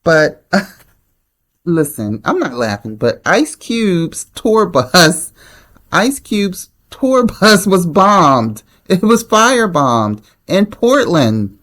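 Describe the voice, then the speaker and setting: A woman's voice: fairly low pitch, very animated, drawn-out words, fairly bright tone. A woman hosting her own channel, giving blunt, opinionated commentary on the news in a casual way. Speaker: channel host.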